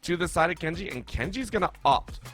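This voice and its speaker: A man's voice: on the high side, expressive, a bit bright, soft background music. A man casting live esports play-by-play in an upbeat, chatty way. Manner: upbeat, chatty, quick to laugh. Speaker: play-by-play caster.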